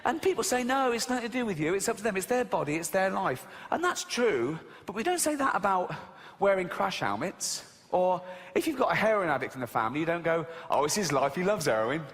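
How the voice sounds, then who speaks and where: A man's voice: sits high, big pitch swings, fairly quick, few pauses, fairly bright tone, a little hiss or hum. A man doing a stand-up routine on a live stage, ranting animatedly and mimicking silly voices, with the audience laughing. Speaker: stand-up comedian. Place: live stage in a large venue. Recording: live hall reverb.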